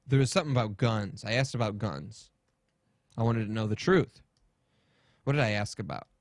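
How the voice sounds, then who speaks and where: Animated, ranting male podcast host. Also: fairly low pitch, moderate pace, dry recording. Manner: animated, swearing, rambling storytelling. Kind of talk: casual podcast rant.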